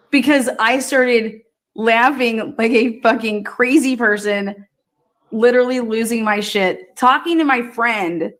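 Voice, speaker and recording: Loud sweary woman host, kinda high voice, cackles a lot while ranting. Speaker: true crime streamer host. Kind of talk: profane casual livestream rant.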